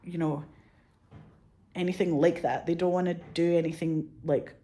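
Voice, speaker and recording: A woman's voice: fairly low pitch, fairly even intonation, normal speed, dark tone. A woman, a filmmaker talking candidly in a casual interview, swearing freely and leaning on "like" as she acts out quoted voices. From Scotland. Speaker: filmmaker guest.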